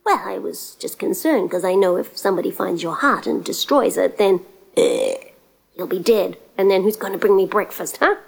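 A woman's voice: mid-range voice, sing-song, moderate pace, gravelly, breathy edge, heavily acted. A woman voicing a lazy, nosy young prince who talks casually with many "like"s, in a storybook telling over guitar music. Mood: wheedling. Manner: casual, hesitant, filler-heavy with "like". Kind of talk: storybook voice acting.

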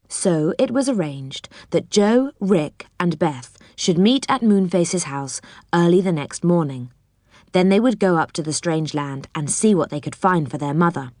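Low-voiced woman reading a storybook. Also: lively intonation, unhurried, a little mellow, no echo, studio quality. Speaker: narrator. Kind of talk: reading a children's storybook aloud.

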